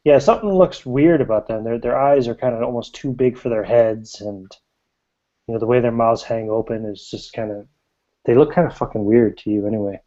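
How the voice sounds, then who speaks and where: A man narrating a tabletop game as game master, in a laid-back, halting way with frequent chuckles. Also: mid-range voice, warm tone. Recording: slightly muffled.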